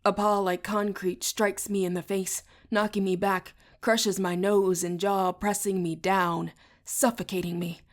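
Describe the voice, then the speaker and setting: A woman narrating an audiobook in the first person with a steady, even reading. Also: mid-range voice, a little slow. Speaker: audiobook reader.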